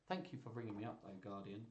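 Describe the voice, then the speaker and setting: A man's voice: lowish voice, echoey room, lo-fi sound. A man hosting a live children's joke stream, chatting casually and laughing as he reads jokes aloud.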